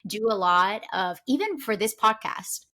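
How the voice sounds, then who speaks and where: A woman's voice: medium pitch, lively intonation, measured pace. A woman from Honduras, hosting a podcast interview in casual chat, often restarting her sentences. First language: Spanish. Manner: warm affirming talk with frequent restarts. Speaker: podcast host.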